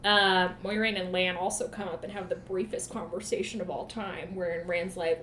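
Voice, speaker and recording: A woman's voice: fairly low pitch, fairly even intonation, fairly bright tone, roomy sound, a little hiss or hum. Sarcastic woman recapping with profane asides. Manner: sarcastic, profane, acts out characters in quick asides. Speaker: podcast co-host recapping a book. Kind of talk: casual chat.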